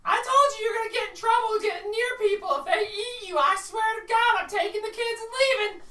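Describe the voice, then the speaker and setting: A woman voicing a brash mother cardinal who scolds at a shrill shout, heard from a distance in an echoey room. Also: brisk. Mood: scolding shrill.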